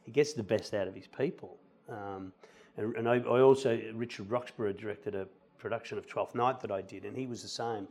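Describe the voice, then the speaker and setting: A middle-aged man, a musical theatre actor chatting as a guest and telling animated anecdotes. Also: on the low side, a little fast. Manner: animated anecdotes, quotes people in lively voices. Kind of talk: relaxed storytelling conversation.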